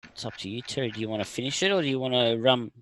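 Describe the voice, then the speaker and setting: A man's voice: mid-range voice, racing, fairly bright tone, slight background noise, poor audio. A man co-hosting a casual online chat over a video call, explaining things at length with frequent hesitations.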